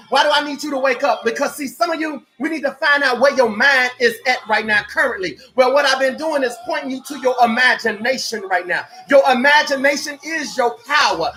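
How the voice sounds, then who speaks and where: A man giving motivational life coaching in a fervent, preacher-like way, often shouting and repeating rhetorical questions. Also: extremely high pitch. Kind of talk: motivational coaching live stream.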